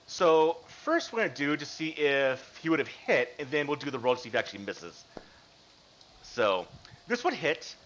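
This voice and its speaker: Lively bright-voiced male game master. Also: mid-range voice, slight background noise. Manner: animated, rules-explaining narration. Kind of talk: narrating a tabletop game. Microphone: video call. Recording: dull lo-fi mic.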